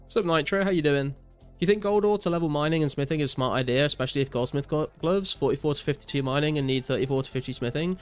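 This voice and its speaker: Smooth-voiced young man streaming a game. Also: on the high side, fast, soft background music. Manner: relaxed, reads out chat messages and answers viewers with many fillers. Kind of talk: casual live-stream chat while gaming.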